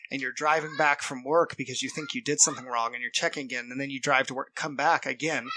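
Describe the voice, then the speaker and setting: A man with a medium-pitched voice co-hosts a casual podcast, recorded with no echo. He talks earnestly about his own experience and acts out the people he quotes, with fast shifts in loudness.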